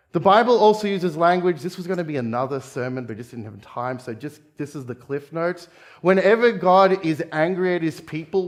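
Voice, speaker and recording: A man from Australia, a pastor preaching a conversational sermon, asking the congregation questions and dropping jokey asides. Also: sits high. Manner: jokey asides with quick laughs.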